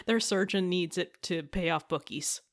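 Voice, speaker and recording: A woman's voice: lowish voice, normal speed. A woman guest on a podcast, chatting casually with plenty of fillers and frequent laughter. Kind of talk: casual chat.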